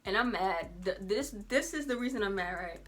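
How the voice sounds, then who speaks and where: Bright-voiced teen girl telling a story. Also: medium pitch, normal speed, soft background music. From Georgia, US. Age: teenager. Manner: animated, conversational, Southern slang. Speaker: vlogger. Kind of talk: casual storytime.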